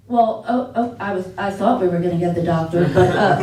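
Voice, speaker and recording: A woman doing a stand-up set on a comedy theater stage, telling stories with animated exclaimed asides. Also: fairly low pitch, moderate pace, few pauses. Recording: echoey theater, distant mic.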